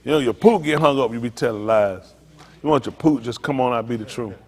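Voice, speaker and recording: A man's voice: mid-range voice, brisk, a little mellow, long reverb tail. An older man, a pastor, teasing a group and telling funny stories in a loose, joking way. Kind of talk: comedic storytelling to a group.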